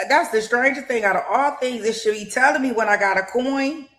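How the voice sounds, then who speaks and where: Fairly high-pitched and fairly bright, her voice moves at a moderate pace. A middle-aged livestream host commenting on a trial, she chats straight to her audience and thanks donors, wandering off with frequent fillers and restarts.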